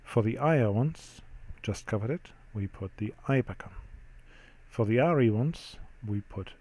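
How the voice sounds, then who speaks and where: A middle-aged man teaching French grammar in a steady, explanatory way, pausing often with ums. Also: fairly low pitch. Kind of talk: classroom-style grammar lesson.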